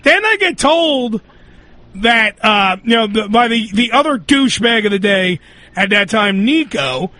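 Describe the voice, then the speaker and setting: Guy hosting a raunchy talk show, really high bright voice, rambles through his stories. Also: sing-song, a little slow, dry recording. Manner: rambling, crude storytelling. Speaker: radio show host. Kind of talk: crude comedy talk show.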